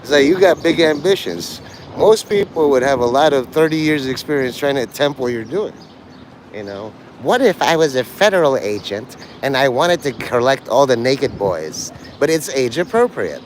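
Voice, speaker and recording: A man's voice: mid-range voice, very animated, normal speed, slight background noise. A man livestreaming to a chat, rambling crudely from joke to joke and breaking into laughter. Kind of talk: rambling live-stream chat.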